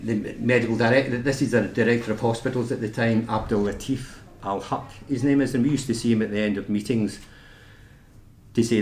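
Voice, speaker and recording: A man's voice: mid-range voice, fairly even intonation, a little fast, darkish tone. A man with a Scottish accent, a nurse giving an informal talk about his work, chatty and full of anecdotes and restarts. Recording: echoey meeting room, faint noise.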